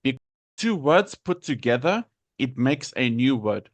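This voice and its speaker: A man's voice: mid-range voice, big pitch swings, a little slow, no room sound. A man teaching an English vocabulary lesson, patiently repeating words to model their pronunciation.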